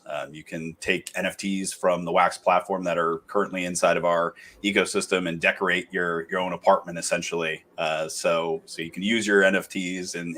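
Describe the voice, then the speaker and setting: A man's voice: low-pitched, a bit bright. A man giving a casual project update on a call, hesitant and repeating his words. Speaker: project team member guest.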